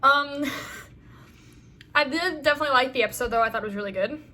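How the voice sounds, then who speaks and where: A woman's voice: high voice, moderate pace, sharp tone. A woman reviewing a TV episode in a casual chat, enthusiastic and rambling, with lots of "um" and "like". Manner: enthusiastic, rambling, heavy use of fillers. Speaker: fan video reviewer.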